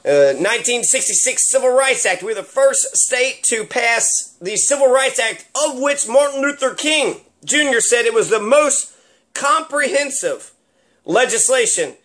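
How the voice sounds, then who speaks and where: Sarcastic high-voiced man. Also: lively intonation, unhurried, a bit bright. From Kentucky. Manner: sarcastic, rambling, many fillers and restarts. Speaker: commentator. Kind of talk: rambling solo commentary.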